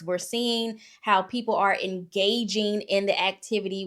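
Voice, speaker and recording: A middle-aged woman, a YouTube creator, talks casually to camera and offers her viewers faith-based encouragement. Preachy and emphatic, she calls them y'all and keeps checking in with "okay?", swinging from soft storytelling to loud, high exhortation.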